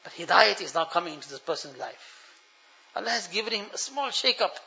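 A man preaching a sermon, telling a story and pleading earnestly with his listeners, dropping to a hush and then rising loud. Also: high voice, big pitch swings, brisk, vocal fry. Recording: dull lo-fi sound.

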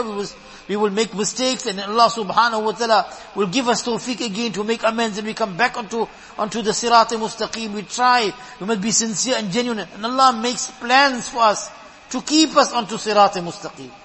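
A man's voice: high voice, a little fast, sharp tone, in a large hall, a little hiss or hum, low-quality recording. A man giving a sermon, earnest and emphatic, who often repeats words as he builds a point. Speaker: preacher.

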